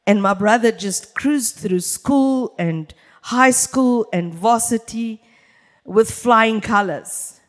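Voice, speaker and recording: Slow, emphatic woman preacher in a reverberant hall. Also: fairly high pitch. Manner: emphatic, deliberate, addresses the congregation directly. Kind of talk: church sermon. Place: church hall.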